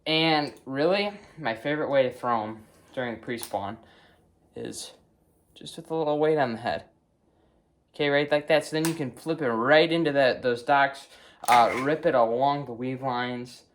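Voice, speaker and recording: A man's voice: mid-range voice, moderate pace, a little hiss or hum. A young man with a Wisconsin accent, talking casually through his gear in a vlog, filling gaps with lots of ums and okays. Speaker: fishing vlogger. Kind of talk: casual show-and-tell vlog.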